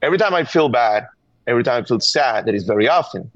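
Quick-paced and lively in intonation, his mid-range voice has a slightly bright tone and no room sound, carried over a dull, dry remote line. He is a middle-aged Venezuelan gun violence activist with a Venezuelan Spanish accent, a call-in interview guest who speaks with earnest urgency and repeats words as he presses his point.

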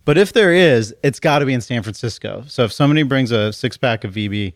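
A man's voice: medium pitch, animated, fast, no echo, studio quality. A man co-hosting a podcast in easygoing casual banter, sometimes searching for words. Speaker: podcast co-host.

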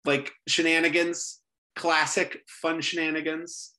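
A man's voice: a little high, measured pace. A man co-hosting a podcast, chatting loosely about a film with a lot of fillers and laughter. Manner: lively, laughing, rambling with many fillers. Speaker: podcast co-host. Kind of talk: casual movie discussion.

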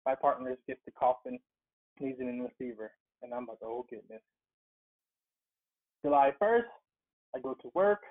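A man's voice: medium pitch, expressive, a little fast. A man calling in as a guest, telling his story in an earnest, emphatic way. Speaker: guest, occupational therapist. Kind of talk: casual interview by phone. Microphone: phone call. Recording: tinny phone line.

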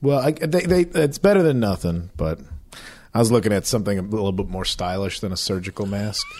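A man's voice: lowish voice, lively intonation, brisk, a little mellow, slight background noise. A man co-hosting a podcast in casual chat, rambling, swearing freely and acting out voices as he tells stories. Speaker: podcast co-host.

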